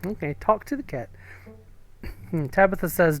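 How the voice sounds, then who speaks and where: A man's voice: high-pitched, normal speed, soft background music. A man streaming a narrative game live, reading the text and choices aloud in a chatty, amused way. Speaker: streamer playing a story game. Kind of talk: live gameplay commentary and reading.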